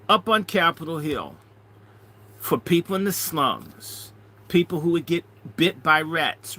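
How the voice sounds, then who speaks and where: A middle-aged man, a minister, telling a story in an animated way, swinging between loud and hushed. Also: fairly high pitch. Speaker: minister and speaker. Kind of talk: storytelling talk.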